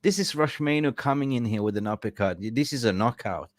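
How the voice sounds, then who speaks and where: A man's voice: medium pitch, expressive, fairly quick, no room sound, clean studio sound. A man hosting a live stream, talking in a casual, effusive and rambling way. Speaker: livestream host.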